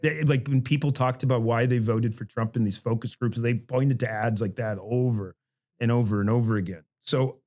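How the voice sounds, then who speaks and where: A middle-aged man at an everyday mid pitch talks like a professor thinking out loud. His sentences keep breaking off and restarting as he wanders into asides, and he chuckles between points. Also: steady tone, moderate pace. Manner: rambling, many restarts and asides, chuckles while talking. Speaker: history professor on a faculty podcast. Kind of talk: casual panel discussion.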